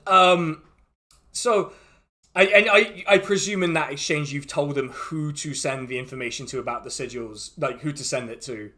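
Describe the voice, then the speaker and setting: A man's voice: a little high, normal speed, pushed and bright. A man narrating a tabletop game as game master, rambling and laughing through restarts.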